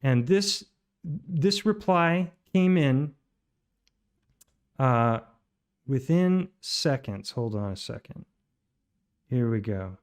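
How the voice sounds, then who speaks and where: A man with a medium-pitched, animated voice hosts his own channel, commenting on voice messages he plays about a dispute. He talks very slowly, pausing often, and rambles with many fillers and false starts.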